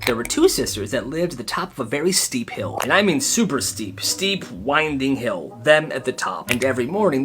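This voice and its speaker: Young male storyteller for comedic skit stories, expressive and animated. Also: mid-range voice. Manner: animated, acts out the people in his stories.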